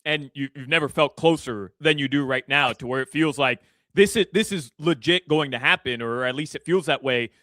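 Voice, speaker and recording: A male sports radio co-host with a bright, sharp voice, talking in a hyped, emphatic way. The sound is dry and close to the mic. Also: fairly high pitch, normal speed, no room sound.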